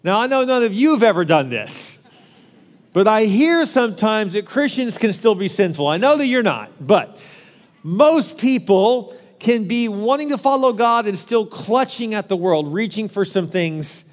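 A man with a high voice preaches a sermon, ribbing the congregation in a loose, conversational way. His voice rings with the long reverb of a large hall. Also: lively intonation, moderate pace. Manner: joking, conversational preaching with asides to the crowd. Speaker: pastor.

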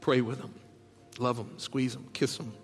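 A man preaching a sermon as a pastor, telling tender stories in a soft voice and building to loud, rallying calls to the congregation. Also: mid-range voice, little pitch movement, normal speed. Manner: heartfelt storytelling that swells into loud rallying calls; drops to soft, hushed tones for tender moments. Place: large church auditorium. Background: soft background music.

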